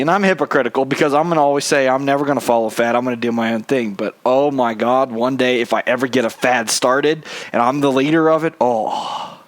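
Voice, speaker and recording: A young man hosting his own show, talking in a loose, rambling monologue full of casual swearing and self-mocking asides. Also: medium pitch. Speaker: podcast host.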